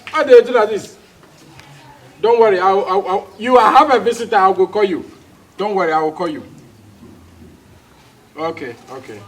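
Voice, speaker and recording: A man playing a soothing soft-hearted giver. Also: sits high, expressive, normal speed, pauses often. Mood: reassuring. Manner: soothing, repeating reassurances. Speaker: the person being asked for money. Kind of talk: comedy skit acting.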